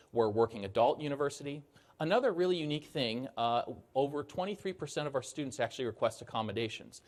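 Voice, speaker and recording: Upbeat man presenting at a conference. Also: medium pitch. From Arizona, United States. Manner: upbeat, joking, emphatic opening. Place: conference hall stage.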